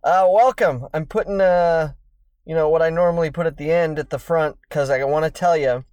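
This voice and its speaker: A man's voice: fairly high pitch, steady tone, brisk, darkish tone, clean tone, no echo. A man opening a podcast with a playful, teasing intro. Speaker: podcast co-host giving intro.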